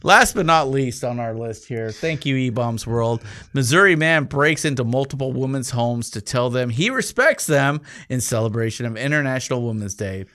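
Man tossing off deadpan one-liners. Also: medium pitch, moderate pace. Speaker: podcast host reading news items. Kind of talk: comedic news banter.

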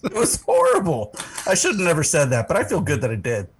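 A man's voice: a little high, wildly swooping pitch, fast, slight background noise. A man telling rowdy, profane stories in a casual podcast chat, laughing into his lines.

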